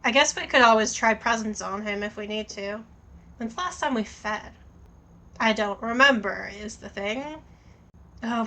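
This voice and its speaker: A woman streams a story game, reading its text aloud and thinking out loud casually, swearing plenty. Her voice is a little high, and the audio quality is poor.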